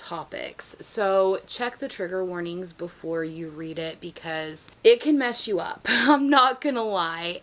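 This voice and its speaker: A woman's voice: fairly low pitch, a bit bright. A young woman chatting casually as a book vlogger, gushing and laughing often as she reviews her favorite reads.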